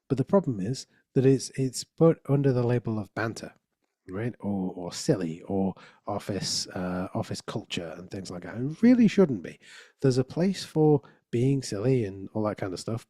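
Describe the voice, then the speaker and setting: A man's voice: medium pitch, mellow, dry recording, clean studio sound. A man giving a conversational conference talk, often restarting phrases and checking in with the audience. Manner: conversational, frequent restarts and "right?" tags. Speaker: conference speaker.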